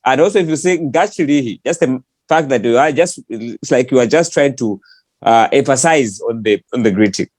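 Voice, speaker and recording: A man explaining a point in an online language class in a relaxed, casual way. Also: mid-range voice, moderate pace, no room sound. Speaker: co-teacher.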